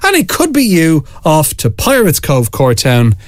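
A radio presenter with a bouncy, upbeat delivery, running competition promos and traffic. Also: medium pitch. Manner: bouncy, lively delivery with quick reads of lists and numbers. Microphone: dry studio microphone.

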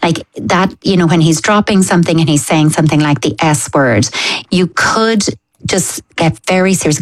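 A woman talks through parenting advice in a calm, practical way. The sound is dry and close, with no room around it. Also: low voice, normal speed, dry recording. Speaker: parenting expert. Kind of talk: advice on a radio phone-in show.

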